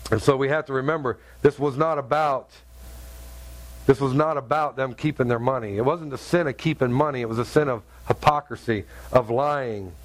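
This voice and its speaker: A man's voice: medium pitch, moderate pace. A middle-aged man preaching a sermon, telling stories with humor and punchy sound effects. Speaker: pastor.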